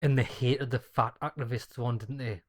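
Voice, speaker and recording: A man's voice: medium pitch, steady tone, normal speed. A man commentating casually on a video game with crude, mocking asides. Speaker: gaming YouTuber commentator. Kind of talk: casual let's-play commentary.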